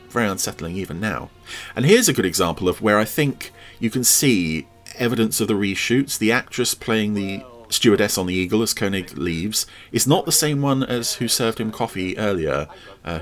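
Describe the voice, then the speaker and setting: A man hosting a podcast, giving chatty, enthusiastic commentary over an old TV episode. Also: low-pitched. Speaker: podcast host.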